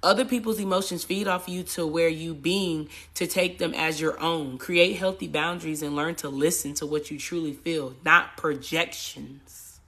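A woman's voice: sits low, steady tone, normal speed, a bit bright, slightly rough. A woman doing a casual tarot reading, talking bluntly with profanity and rambling asides, and growing emphatic as she goes. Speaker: tarot reader.

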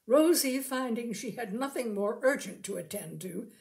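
A woman reading a short story aloud in a dramatic, lively storybook manner. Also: fairly high pitch, moderate pace, creaky, few pauses.

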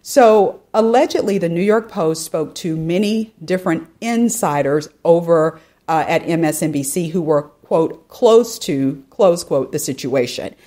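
A woman's voice: fairly low pitch, animated, measured pace, hardly any pauses, warm tone. A woman hosting an opinion podcast, reading a news story aloud and talking it through in a chatty way, often turning straight to her listeners. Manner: chatty, addresses listeners directly, frequent "you know" and asides. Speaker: podcast host.

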